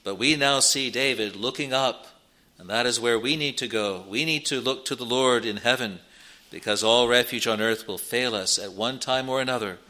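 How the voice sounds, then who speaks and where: Male pastor, earnest sermon delivery, bright tone, middle pitch. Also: moderate pace. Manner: earnest, rises in pitch and volume on scripture quotes. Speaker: preacher.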